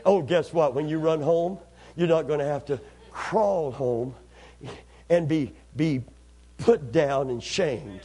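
A high-pitched man preaches with fervor, calling on the congregation to answer back. His voice sits well above the usual male range. The delivery is a full, impassioned sermon. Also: slow, warm tone, slightly rough. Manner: impassioned, call-and-response preaching.

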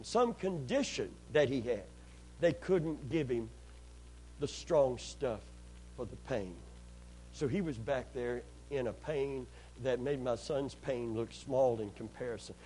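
A man's voice: mid-range voice, a little mellow, slight background noise, low-quality recording. A man preaching a sermon, telling a personal story earnestly, repeating phrases and calling out amen.

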